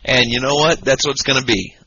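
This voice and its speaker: A drunk man co-hosting a podcast, rambling loudly and swearing constantly in casual banter. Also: medium pitch, fast talker, muffled recording, a little hiss or hum. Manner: profane, rambling, loud and excitable. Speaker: podcast co-host. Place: home podcast setup, Michigan.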